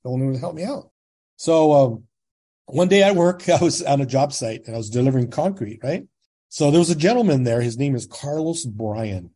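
Older California man telling his story in husky tones. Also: mid-range voice, a little fast. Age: 60s. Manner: animated storyteller, acts out quoted dialogue; plain-spoken, casual. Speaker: guest. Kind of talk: casual storytelling.

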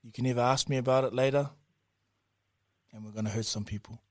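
A man co-hosting a podcast in casual banter, teasing and energetic. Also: medium pitch, fairly quick, no room sound, clean studio sound. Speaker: podcast co-host.

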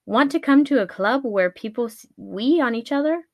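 A woman's voice: a little high, animated, normal speed, dry recording, voice pushed up. A woman voicing a strange, scaly male lake merman who is pushy and mock-menacing, in a comedic story retelling. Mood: creepy flirty.

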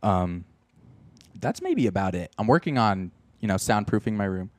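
A young man who is a music producer and a podcast guest, chatting in a laid-back way that often trails off quietly. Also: lowish voice, big pitch swings, moderate pace, no room sound. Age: young adult. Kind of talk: casual chat.

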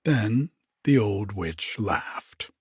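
Male storybook narrator, husky and very slow, dry close recording. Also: fairly low pitch, animated, darkish tone, no echo. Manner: slow, measured phrasing in short pieces. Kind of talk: storybook reading.

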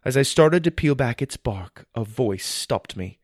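A man narrating a children's fantasy story in the first person, with an expressive, wonder-filled delivery. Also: mid-range voice, measured pace, no echo.

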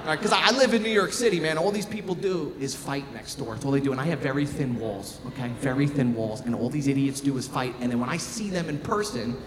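A man doing a sarcastic, animated stand-up set on a club stage. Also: mid-range voice, fast, few pauses. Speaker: stand-up comedian. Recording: live room with long reverb and crowd noise.

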